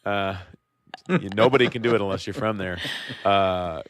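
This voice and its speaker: A man's voice: lowish voice, moderate pace, fairly bright tone, no echo, studio quality. A man with a Midwestern accent co-hosting a podcast, chatting casually and joking as he thinks aloud. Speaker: podcast co-host. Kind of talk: casual chat about a card game.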